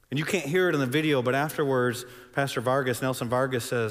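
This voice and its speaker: A man preaching a sermon, telling a story dramatically and swinging between loud and hushed delivery. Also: medium pitch, quick pace, few pauses, long reverb tail. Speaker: pastor.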